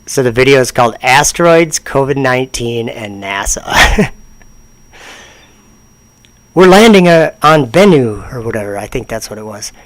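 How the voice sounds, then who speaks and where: A man's voice: medium pitch, expressive, moderate pace, long pauses, a bit bright, no room sound. A man casually commenting on a livestream, rambling and sarcastic. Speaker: streamer reacting to videos.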